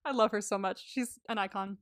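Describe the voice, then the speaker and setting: A woman's voice: mid-range voice, dry recording, clean studio sound. A woman co-hosting a podcast, recapping a story in casual chat, swearing freely, laughing often and acting out the lines she quotes. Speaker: podcast co-host.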